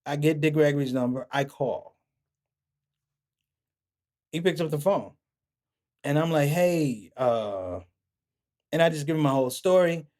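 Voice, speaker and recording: A man with a somewhat high voice, a comedian talking as a podcast guest. He tells his story animatedly and slips into the voices of the people he quotes. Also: measured pace, long pauses. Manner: animated, acts out quoted dialogue. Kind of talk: conversational storytelling.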